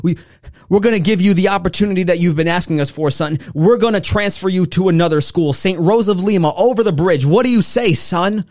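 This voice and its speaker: Brief: a worried father, earnest and pleading, as a man puts him on, voice pitched a little high. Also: a little fast, a little mellow, no echo, studio quality, natural voice. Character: worried father speaking to his son.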